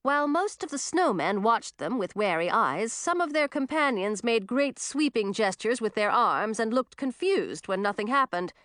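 Lively, expressive woman storyteller. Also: on the high side, moderate pace, few pauses, dry recording, clean studio sound. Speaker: narrator. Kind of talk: storybook narration.

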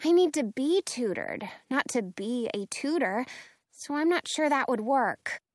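A woman's voice: high-pitched, expressive, measured pace, no echo, studio quality. Woman reading as a shy, hesitant schoolgirl.

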